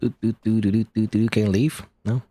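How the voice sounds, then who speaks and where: A man's voice: fairly low pitch, steady tone, a little fast, dark tone, slightly rough. A man casually commentating on a video game as he plays it, chatty and rambling. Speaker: let's play host.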